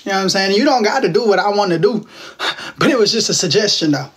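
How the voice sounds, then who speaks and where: A man's voice: high-pitched, lively intonation, fast talker, fairly bright tone, slight background noise. A man in his twenties from Texas, hosting a casual livestream from home on his phone, teasing viewers and answering their comments in playful slang. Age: 20s. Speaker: livestream host.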